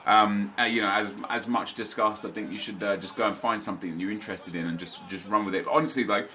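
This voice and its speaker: Chatty bright-voiced young man. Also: fairly low pitch, fairly even intonation, quick pace. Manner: rambling, chatty, many restarts and asides. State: slightly stuffy nose. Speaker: gaming channel host. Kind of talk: casual chat to camera. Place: home office.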